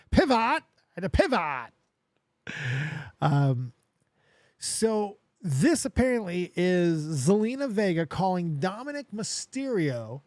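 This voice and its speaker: A man hosting a live stream, chatting casually and excitably as he reacts to clips. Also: on the high side, no echo. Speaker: streamer and podcast host.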